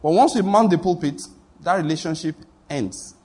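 At a normal speed and in a fairly high, slightly mellow voice, a pastor tells stories during his sermon. He takes on the voices of the people involved and laughs at his own anecdotes.

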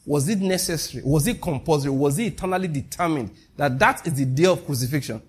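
Man, preacher, sermon, husky, slightly high voice, rhetorical questions. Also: fast talker. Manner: rhetorical questions, animated, laughs at own jokes.

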